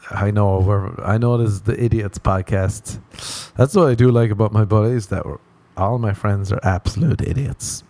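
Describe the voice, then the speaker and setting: Low, mellow-voiced man riffing crudely. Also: unhurried, long pauses. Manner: rambling, self-mocking, laughs often. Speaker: podcast host. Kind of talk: crude comic monologue.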